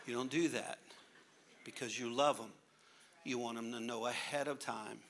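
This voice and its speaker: A man's voice: mid-range voice, normal speed, long pauses. A middle-aged man preaching a sermon, reading scripture and acting out funny little scenes with his kids. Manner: animated, humorous, acts out little scenes. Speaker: pastor.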